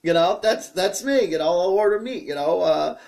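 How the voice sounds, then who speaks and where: A man hosting a live stream, answering viewer questions in a chatty, rambling, joking way that grows animated as he gets excited. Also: high-pitched, moderate pace, creaky. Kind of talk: casual live-stream talk.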